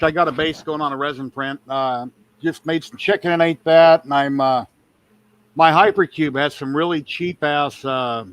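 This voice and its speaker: A man joining a casual online chat as a guest, joking and relaxed, hesitating with uhs. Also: medium pitch. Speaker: guest caller on a stream.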